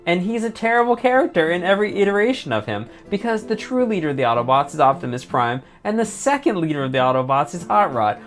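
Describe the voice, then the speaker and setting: A woman streaming a game, rambling excitedly, laughing often and reading dialogue aloud. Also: fairly low pitch, fast talker, hardly any pauses, faint music behind. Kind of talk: casual let's-play commentary and dialogue reading.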